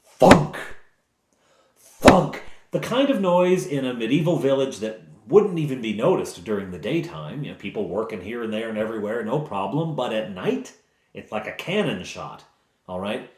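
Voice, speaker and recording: A man's voice: medium pitch, lively intonation, normal speed, darkish tone, roomy sound. A man, the game master, recounting a tabletop game session in a casual, digressive way full of asides and explanations.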